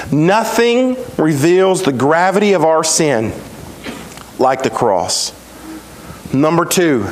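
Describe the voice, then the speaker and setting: A man preaching a sermon as pastor, with emphatic repetition and dramatic pauses. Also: fairly high pitch, slight background noise, poor audio.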